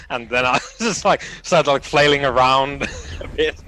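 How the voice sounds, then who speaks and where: A man's voice: medium pitch, bright, forceful tone. A man playing a tabletop game, chatting casually and giggling. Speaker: player.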